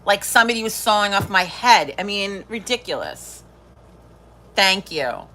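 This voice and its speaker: Bright-voiced, foul-mouthed woman host. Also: medium pitch, lively intonation, measured pace, a little hiss or hum. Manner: blunt, swears freely, laughs often. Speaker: livestream host. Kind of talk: casual live-stream chat.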